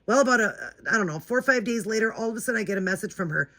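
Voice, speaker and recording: A woman's voice: a little high, animated, racing, pushed and bright. A woman hosting her own vlog, telling a story in a chatty, indignant way and talking straight to her viewers. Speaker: doll-collecting channel host.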